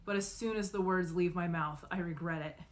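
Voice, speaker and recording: A woman narrating a novel in the first person, expressive and acting out the dialogue. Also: fairly low pitch, brisk. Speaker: audiobook reader.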